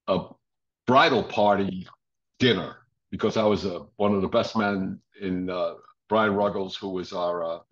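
An older man, a drummer guest in an interview, telling stories animatedly, acting out quoted voices and laughing often. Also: lowish voice. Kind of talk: casual interview storytelling. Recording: dull lo-fi audio.

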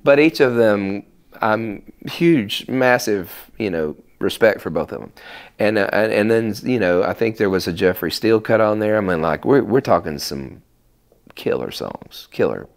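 A man, a guest musician, telling stories in a casual interview, animated and rambling with many restarts. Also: on the low side. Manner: animated, acts out conversations with quick voice shifts.

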